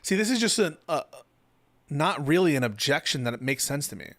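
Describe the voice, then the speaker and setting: A man's voice: fairly high pitch, big pitch swings, fairly quick, fairly bright tone, dry recording, studio quality. A man hosting a live political stream who chats loosely with his audience, swears and jokes, then argues points in a debate. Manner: loose, profane, joking. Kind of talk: casual live-stream chat and debate commentary.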